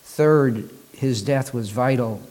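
A man preaching a sermon, building rhythmic lists and pausing for dramatic effect. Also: mid-range voice, darkish tone. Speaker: pastor.

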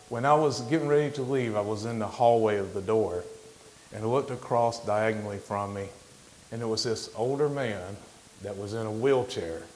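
A middle-aged man giving an informal sermon as a guest speaker, plainspoken, halting, with frequent restarts. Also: lowish voice, darkish tone, slight background noise, rough recording. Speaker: guest lay preacher.

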